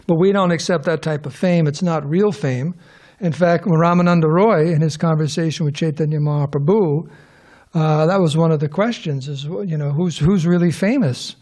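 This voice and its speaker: In a temple hall, a middle-aged man gives an informal scripture class to a live audience, rambling, restarting sentences and tossing questions to listeners. His voice is a little high with a dark tone.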